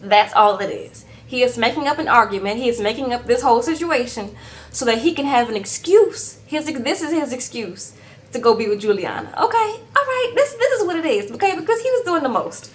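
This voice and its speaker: Very animated and talking fairly quickly, a woman with a fairly high voice dishes on a reality show. Her casual recap is full of sass, with "okay?" tacked onto sentences and "girl" aimed at her viewers.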